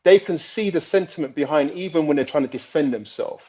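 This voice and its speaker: A man's voice: a little high, a little fast, warm tone. A middle-aged man speaking with enthusiasm on a podcast panel, often repeating his points. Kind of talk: casual panel chat. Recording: dull lo-fi podcast audio.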